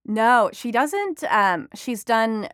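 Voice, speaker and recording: A woman's voice: fairly high pitch, big pitch swings, slow pace, fairly bright tone, clear, resonant tone, dry recording. Woman chatty reporter guest, laughs easily, lots of ums, close dry mic. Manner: chatty, laughs often, many fillers. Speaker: entertainment reporter and author. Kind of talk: conversational interview answers.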